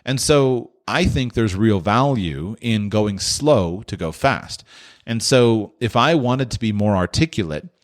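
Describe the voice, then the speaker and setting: Podcast host guy, lowish voice, talks it through off the cuff, restarts a lot. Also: animated, unhurried. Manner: thoughtful, explanatory, many restarts. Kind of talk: answering listener questions.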